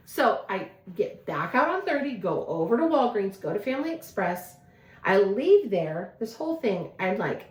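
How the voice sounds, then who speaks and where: A woman co-hosting a casual chat show, telling a long story in an animated, chatty way and often quoting herself. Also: medium pitch, moderate pace. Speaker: podcast co-host. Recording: roomy echo.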